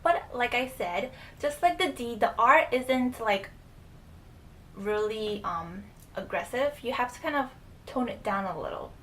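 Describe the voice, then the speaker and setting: A woman's voice: a little high, lively intonation, unhurried, a bit bright. A young woman teaching a casual lesson, explaining patiently, repeating example words and using casual fillers. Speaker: language teacher. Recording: distant mic with faint room noise.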